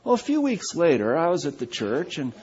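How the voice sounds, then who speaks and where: Animated male pastor telling a story. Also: fairly high pitch, a little fast, dull audio. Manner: animated, self-mocking storytelling. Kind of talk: storytelling sermon.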